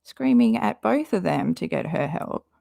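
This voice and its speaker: Gravelly exasperated woman reading posts aloud. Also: deep voice, big pitch swings, a little slow, mellow, dry recording, clean studio sound. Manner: exasperated, rambling, swears freely. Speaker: commentary YouTuber.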